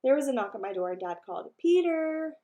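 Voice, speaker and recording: A woman teacher reading a children's book aloud, expressive storytelling. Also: mid-range voice, very fast.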